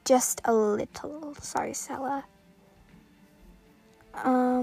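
A female gaming creator giving excited live commentary, rattling off items quickly and sometimes dropping to a whisper. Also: a little high, soft background music. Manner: excitable, calls out items rapidly, drops to whispers.

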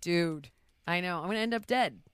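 A woman talking in a casual interview, telling stories in a blunt, profane, animated way. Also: on the low side, moderate pace, clean tone, no echo. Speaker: podcast host answering rapid questions.

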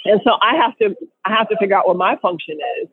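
Animated woman storyteller over a phone line. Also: mid-range voice, fast talker. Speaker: guest co-host. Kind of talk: casual chat on a group call.

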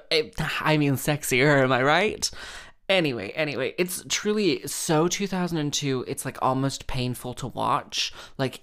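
A woman's voice: low-pitched, clear, resonant tone. A woman hosting a podcast, rambling and gushing in a casual monologue full of fillers and sarcastic self-mockery.

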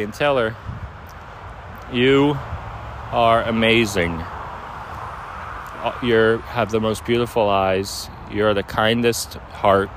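A man's voice: on the low side, extremely slow, pauses often, noisy background. A young man making an earnest, rambling, hesitant apology to his partner, recorded outdoors. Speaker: boyfriend addressing his partner. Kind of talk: heartfelt apology monologue. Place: outdoors near overhead air traffic.

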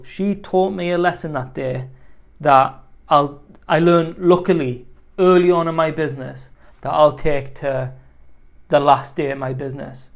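A man's voice: on the high side, a bit bright. A man who runs a lawn care business, telling a rambling story as advice, full of "you know" asides. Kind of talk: casual storytelling advice talk.

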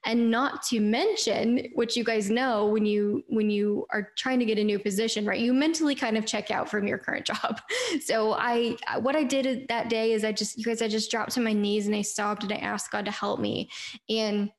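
A woman's voice: fairly high pitch, fairly even intonation, moderate pace. A woman in her thirties hosting a faith podcast, telling personal stories in an earnest, chatty way and talking straight to her listeners. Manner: earnest, chatty, addresses listeners as "you guys". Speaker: podcast host.

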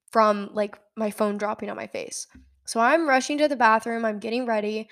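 A nineteen-year-old woman from Nebraska, telling a story in a casual, animated way and often laughing. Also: fairly high pitch. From Nebraska, United States. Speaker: podcast host.

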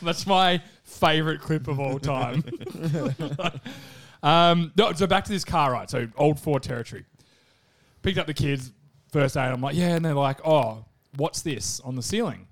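Man in his 30s, joking podcast anecdotes, slightly high voice. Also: a little slow. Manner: laughing, joking anecdotes about his kids. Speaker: podcast co-host. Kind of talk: casual chat.

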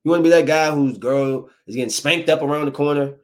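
Slangy, animated man ranting. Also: a little high. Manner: animated, preachy, slangy, acts out quick voices. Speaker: vlogger giving dating advice. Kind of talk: casual rant to camera.

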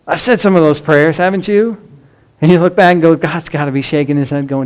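Earnest preaching man, fairly high voice. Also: fairly quick. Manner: earnest, emphatic preaching with rhetorical questions. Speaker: pastor. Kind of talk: sermon.

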